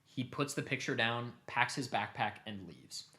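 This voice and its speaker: A young man casually retelling a long story to his family, animated and cursing offhandedly. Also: mid-range voice, moderate pace. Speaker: streamer host.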